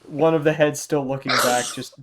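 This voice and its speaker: A game master narrating a tabletop game at an unhurried pace, amused and laughing often. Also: mid-range voice, fairly even intonation, heavy background noise. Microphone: home mic on a stream.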